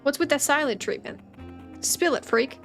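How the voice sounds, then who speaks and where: A woman's voice: high-pitched, moderate pace, soft background music, pitched above the performer's own voice. A woman voicing an aggressive, bullying young man while reading game dialogue aloud. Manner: rough and threatening.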